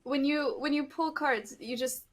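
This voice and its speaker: A woman with a fairly high voice asking questions on a podcast call. She pauses and restarts, curious and a little hesitant. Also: fairly even intonation. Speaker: podcast guest.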